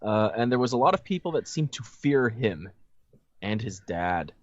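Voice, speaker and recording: A man's voice: medium pitch, big pitch swings, normal speed, dry recording. A man reading a story aloud as co-host of a comedic read-along, breaking off into joking asides. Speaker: reader and co-host. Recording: dull lo-fi audio.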